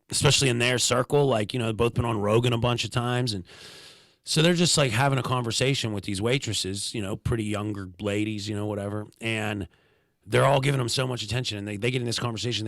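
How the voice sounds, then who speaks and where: A man's voice: mid-range voice, fast, a bit bright, no echo. A man, a stand-up comedian, chatting casually as a podcast guest, telling loose stories with slangy asides and laughs. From Pittsburgh, USA.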